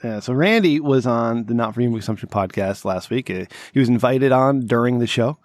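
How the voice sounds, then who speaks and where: Male podcast host, mid-pitched, sarcastic and profane, groggy, dry close sound. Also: brisk, no room sound. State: groggy, just woke up. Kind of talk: casual comedic podcast chat.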